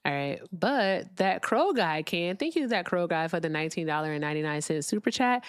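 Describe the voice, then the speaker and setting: A woman's voice: lowish voice, big pitch swings, brisk, clear, resonant tone, no room sound, studio quality. A woman hosting a live political stream, ranting bluntly and reading viewer comments aloud. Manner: blunt, profane, ranting, reads super chats aloud. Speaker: livestream political talk host.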